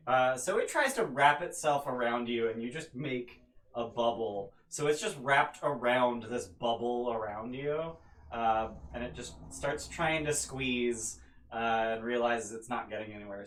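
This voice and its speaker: A man narrates a tabletop game as game master in a relaxed, loose way, pausing on fillers between descriptions. His voice sits mid-range and carries the echo of a roomy space. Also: medium pitch.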